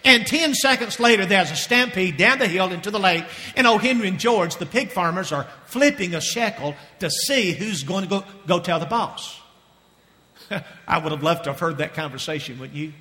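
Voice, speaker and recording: High bright-voiced preacher in a big hall. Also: male voice, expressive, normal speed. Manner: storytelling, rhetorical questions to the congregation. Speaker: pastor. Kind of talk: sermon. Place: church sanctuary with balcony.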